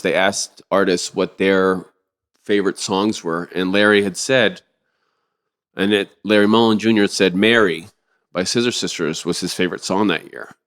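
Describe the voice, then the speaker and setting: Middle-aged male guest, low voice, lively rambling storyteller, casual and profane. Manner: rambling, animated, swears freely. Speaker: podcast guest, drummer.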